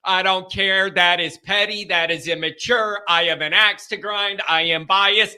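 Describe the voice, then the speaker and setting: A man hosts a sports talk show with a high, bright voice, ranting brashly and sarcastically about rival teams. He speaks at an unhurried pace and pushes his bias loudly. Faint music plays behind him. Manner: brash, loud, sarcastic, openly biased.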